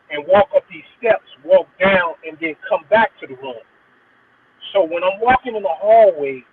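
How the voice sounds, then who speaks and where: Middle-aged male guest, earnest rambling storyteller, slightly high voice, faint hiss on the line. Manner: earnest, rambling with frequent restarts. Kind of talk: personal storytelling in an interview. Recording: tinny phone line with faint noise.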